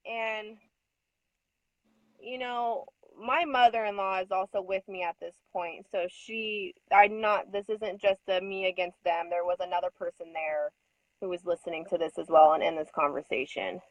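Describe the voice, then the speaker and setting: A woman's voice: mid-range voice, fairly even intonation, moderate pace, dry recording, low-quality recording. A woman in casual conversation, recounting a conference incident in a hesitant, filler-heavy way, audibly upset and near tears at times.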